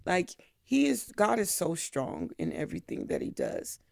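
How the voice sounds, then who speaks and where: Middle-aged woman with a gravelly voice, slow emotional faith talk, dry close mic. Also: on the low side, wildly swooping pitch, darkish tone, no room sound. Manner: slow, tender, emotional blessing. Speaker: podcast host, mentor. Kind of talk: heartfelt spiritual talk.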